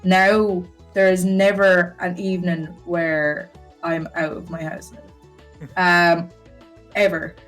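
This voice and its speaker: A woman's voice: lowish voice, level tone, slow pace, distant mic, faint music behind. A young woman, chatting casually as a podcast guest, rambling with lots of fillers. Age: young adult.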